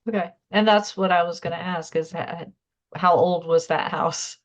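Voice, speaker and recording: A woman's voice: on the low side, fairly even intonation, normal speed. A woman hosting a podcast, asking her guest questions in casual chat with short reactions and easy laughs. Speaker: podcast host.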